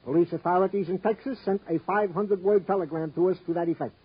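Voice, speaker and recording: An actor playing a folksy, good-humored police sergeant with a wordy way of talking, in 1950s radio drama acting. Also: male voice, high-pitched, steady tone, fast, breathy edge. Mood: cheerful. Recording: dull old radio recording.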